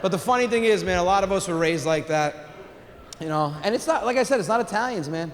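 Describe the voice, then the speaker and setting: Middle-aged male stand-up comic, high voice, loud and animated, live on stage in a reverberant hall. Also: quick pace. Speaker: stand-up comedian. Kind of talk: stand-up comedy set. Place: theater stage with live audience. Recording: live hall reverb, faint room noise.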